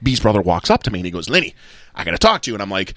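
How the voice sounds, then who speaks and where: A man of middle pitch hosts a casual podcast, talking fast with a bright, forceful tone. He tells stories by playing out both sides of each conversation. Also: very animated, dry recording. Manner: quick, bright storyteller acting out dialogue. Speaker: podcast host.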